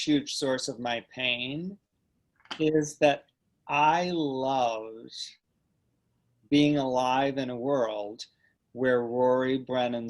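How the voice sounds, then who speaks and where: Middle-aged male host, earnest and gentle, halting storyteller with mid-range voice. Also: mid-range voice. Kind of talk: reflective conversational storytelling.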